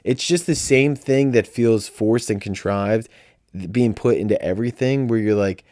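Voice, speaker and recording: A laid-back man co-hosting a casual podcast, talking in a lowish, mellow voice. He drifts along with easy agreement and swears freely. The sound is dry and close, with no room around it. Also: normal speed, no echo. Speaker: podcast co-host. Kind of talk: casual chat.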